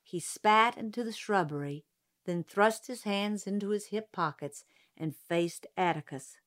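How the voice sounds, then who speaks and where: A woman narrating a novel as an audiobook, in a measured, even manner. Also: mid-range voice.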